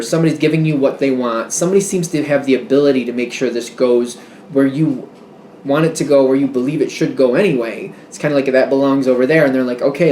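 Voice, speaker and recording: A man giving a casual tarot reading, rambling and interrupting himself with animated asides. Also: mid-range voice, echoey room, slight background noise. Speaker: tarot reader.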